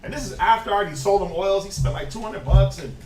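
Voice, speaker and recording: A man's voice: sits high, animated, quick pace, a little mellow. A man leading a Sabbath study, preaching informally with fiery rhetorical questions and chuckling asides, then reading scripture aloud. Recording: echoey room, distant mic, noisy.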